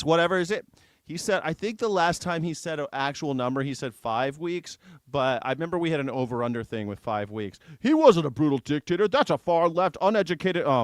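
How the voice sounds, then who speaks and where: A man's voice: on the high side, no room sound. A man hosting a live news reaction show, sarcastic, jokey and profane in casual commentary.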